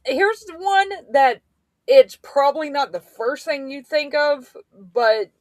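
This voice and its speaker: A woman's voice: high-pitched, expressive, slow pace, dry recording. A woman co-hosting a casual political talk show, laughing in disbelief as she talks. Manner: laughing, incredulous. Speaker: podcast co-host.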